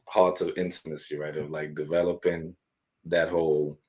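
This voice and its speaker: A man co-hosting a casual faith-based podcast chat, animated and acting out little quoted dialogues. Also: very deep voice, moderate pace.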